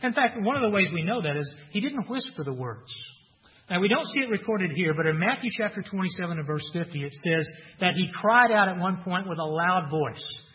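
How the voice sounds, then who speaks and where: Guy preaching, kinda high voice, swells loud then drops quiet, long echo, muffled. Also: lively intonation, a little fast. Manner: earnest preaching, rising loud for emphasis, dropping soft for weight. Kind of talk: sermon. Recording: dull sound with long hall reverb.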